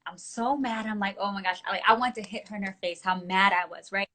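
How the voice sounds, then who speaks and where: Bright-voiced woman interviewer on a call. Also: mid-range voice, a little fast. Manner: animated storyteller. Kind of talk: casual video-call interview. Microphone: video call.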